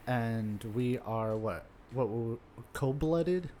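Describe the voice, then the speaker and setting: A man's voice: mid-range voice, takes it slowly, mellow, a little hiss or hum. A man from South Florida co-hosting a casual podcast, upbeat and giggly, leading the segments. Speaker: podcast co-host. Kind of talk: casual chat.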